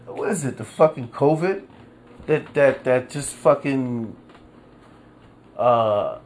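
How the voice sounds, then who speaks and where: Speaking at a medium pitch with an expressive delivery, a man hosts a casual podcast alone, and a faint hiss or hum sits under the recording. He rants in disbelief, stretching words for emphasis, swearing, rambling, and repeating himself with lots of fillers.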